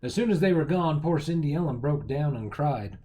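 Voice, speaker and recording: A man reading a picture book aloud as a storyteller, with lively, expressive storytelling. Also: on the high side, normal speed, rough recording.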